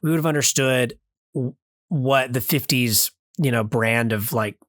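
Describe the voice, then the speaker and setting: A man's voice: medium pitch, a little slow, fairly bright tone, no room sound, clean studio sound. A man in his thirties co-hosting a podcast, reviewing a film in casual chat, rambling with many fillers and restarts. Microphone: remote call mic.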